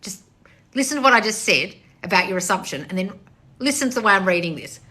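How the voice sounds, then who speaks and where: Blunt, sweary woman coach with a bright, ringing tone, answering viewers live into her phone. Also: medium pitch, lively intonation, fast. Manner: blunt and sweary, laughing, reading viewer comments aloud. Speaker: manifestation coach. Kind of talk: live-stream Q&A.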